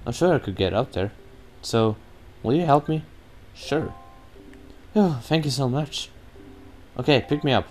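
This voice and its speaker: A man's voice: medium pitch, a little mellow, voice pushed up, lightly acted. A man voicing a kind, earnest young bird-girl attendant while reading game text aloud.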